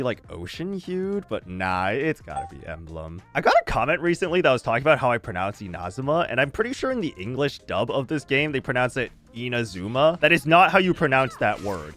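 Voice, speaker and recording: A man from the United States giving casual, chatty gameplay commentary, laughing often and reacting loudly. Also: mid-range voice. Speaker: streamer playing a game.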